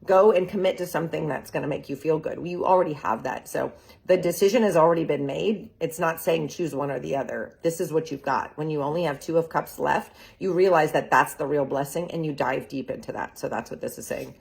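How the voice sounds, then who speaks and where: Woman tarot reader, husky and lower-pitched, chatty and upbeat delivery. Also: fairly quick, darkish tone. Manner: chatty, enthusiastic, laughs often, lots of "like" and "right?". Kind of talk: casual tarot reading video. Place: real estate group's social video.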